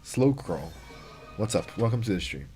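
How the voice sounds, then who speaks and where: A man's voice: fairly low pitch, sing-song, normal speed, a little mellow, soft background music. A young man livestreaming a mobile game, chatting casually, reading chat and reacting to plays.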